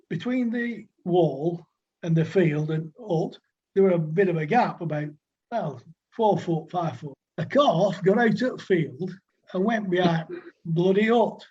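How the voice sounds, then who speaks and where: On a podcast, a Lancashire man in his sixties rambles through old cricket stories, chatting away with plenty of dialect and filler words. He has a high-pitched, slightly mellow voice with a bit of roughness, captured in lo-fi sound.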